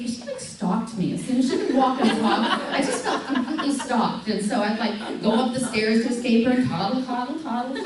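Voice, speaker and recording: A middle-aged woman giving a lively talk to a parents' group, acting out stories with big jumps in her voice and frequent laughs. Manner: animated storyteller, acts out voices of her daughter with big pitch jumps and laughs. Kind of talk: live talk to an audience. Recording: echoey hall from far off, faint hum.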